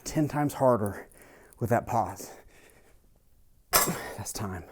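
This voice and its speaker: A man's voice: lowish voice, expressive, takes it slowly, background noise. Blunt, casual male personal trainer. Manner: blunt, casual, swears freely. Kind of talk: casual workout coaching talk.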